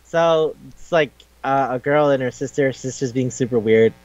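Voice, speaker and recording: A man's voice: medium pitch, normal speed, a little mellow, no room sound. Casual rambling man on lo-fi audio. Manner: rambling, lots of "like" and swearing, brief quoted voices. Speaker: podcast co-host. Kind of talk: casual chat, retelling a manga plot. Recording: dull lo-fi sound.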